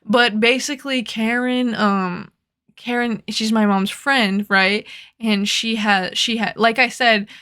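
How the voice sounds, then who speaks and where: A woman's voice: fairly high pitch, steady tone, slow pace, a bit bright, smooth. A young woman telling a rambling, profane story in a casual storytime chat, full of "like" fillers. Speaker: vlogger.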